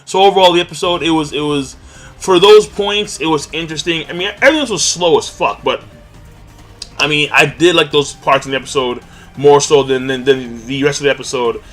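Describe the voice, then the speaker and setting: Man, casual anime review, rambling, swears freely, slightly high voice. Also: fairly quick, fairly bright tone. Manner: laid-back, swears freely, loose rambling phrasing.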